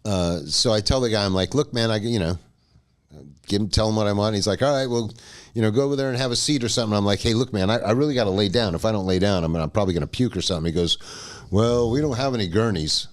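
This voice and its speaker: A podcast co-host with a fairly low-pitched voice tells a long story at a very fast clip. He keeps it casual and profane, laughing as he goes.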